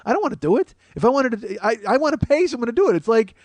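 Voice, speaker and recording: A man's voice: very high voice, big pitch swings, very fast, a little mellow, no room sound. A man hosting a comedy podcast, ranting in a rambling, profane way that keeps interrupting itself. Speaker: podcast host.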